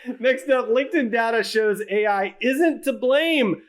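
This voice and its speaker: A man co-hosting a tech podcast, chatting casually and joking with his partner in front of a live audience. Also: very high voice. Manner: joking, self-deprecating, quick back-and-forth. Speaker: podcast co-host.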